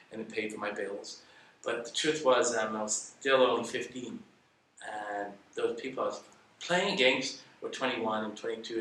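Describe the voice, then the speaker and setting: An older man from England telling stories about his early career in a relaxed, self-deprecating way. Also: mid-range voice, slight background noise. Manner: reflective, self-deprecating storyteller. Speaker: interview guest, salon educator. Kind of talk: casual storytelling interview. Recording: echoey room, mic at a distance.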